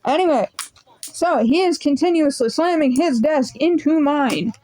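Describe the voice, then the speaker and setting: High, mellow-voiced young woman telling a storytime. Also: measured pace, rough recording. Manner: swearing, rambling, animated retelling. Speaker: vlogger. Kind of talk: casual storytime vlog.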